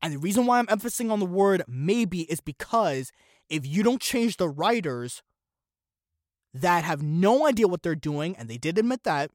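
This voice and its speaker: A man's voice: sits high, lively intonation, moderate pace, dry recording, clean studio sound. A man hosting a solo commentary podcast, opinionated and sarcastic, firing off one rhetorical question after another. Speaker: podcast host.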